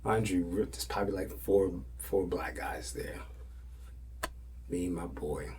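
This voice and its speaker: A man hosting a podcast, telling stories casually in loose slang and often dropping to a hushed whisper. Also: low-pitched, fairly even intonation, unhurried, slight background noise. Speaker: podcast host. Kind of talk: casual storytelling.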